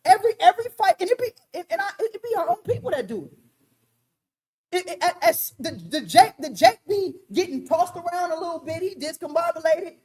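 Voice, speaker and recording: Woman preacher, high voice, emphatic street-style teaching to a room. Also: lively intonation, a little fast. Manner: emphatic, loud, vernacular, addresses the room directly. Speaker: teacher leading a Bible study.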